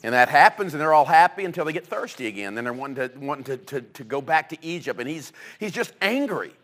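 A man delivers a sermon, his voice sitting a little higher than most men's. He tells the stories with energy and acts out the voices of the people in them. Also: fast talker. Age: adult with children. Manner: animated storytelling, acting out quoted voices. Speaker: pastor.

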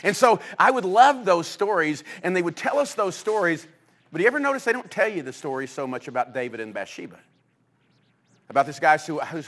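A man preaching a sermon, telling stories with lively energy and acting out the people he quotes. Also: fairly high pitch. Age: adult with children. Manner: animated storytelling, acting out quoted voices. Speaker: pastor.

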